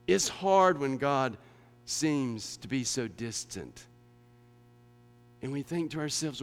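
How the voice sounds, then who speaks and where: A man preaches with a slightly high voice that sometimes drops almost to a murmur and then climbs into forceful, emphatic appeals. His words carry a long reverb, as if spoken across a church sanctuary. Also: expressive, slow, creaky, long pauses. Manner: dramatic, swings from hushed to emphatic. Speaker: pastor. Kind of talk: sermon.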